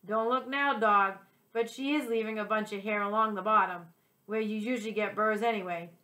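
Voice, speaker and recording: A woman's voice: medium pitch, fairly even intonation, normal speed, sharp tone, lightly acted. A sly, grumpy male house cat in a storybook who talks in a smug, teasing tone, as a woman reads his lines. The voice stays close to a natural woman's reading voice, only a little lifted.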